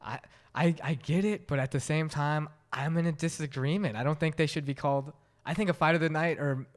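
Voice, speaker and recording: A man's voice: on the high side, fairly even intonation, fairly quick. A young man co-hosting a podcast in casual chat, easygoing and agreeable. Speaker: podcast co-host.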